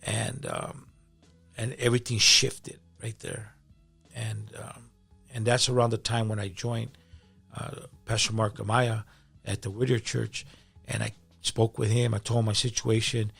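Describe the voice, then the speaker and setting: Gravelly-voiced male pastor telling his testimony. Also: on the low side, little pitch movement, measured pace, fairly bright tone, faint music behind. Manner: emotional, repeats words when moved. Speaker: pastor, podcast guest. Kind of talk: personal testimony in conversation.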